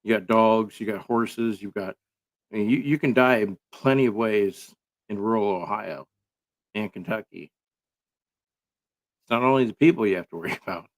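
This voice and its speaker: A man's voice: on the low side, moderate pace, long pauses. A man giving casual, rambling commentary full of sarcastic jokes and filler words.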